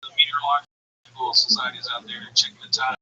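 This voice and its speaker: A man as a livestream guest, telling rambling crude jokes in a deadpan way. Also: mid-range voice, fast, breathy edge. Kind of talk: crude comedic banter. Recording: dull lo-fi stream audio.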